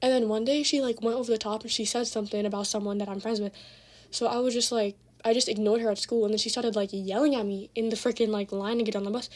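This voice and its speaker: A teenage girl telling a messy school drama story in a casual, slangy, profane rant. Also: on the high side. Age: teens. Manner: fast, slangy, profane, animated retelling.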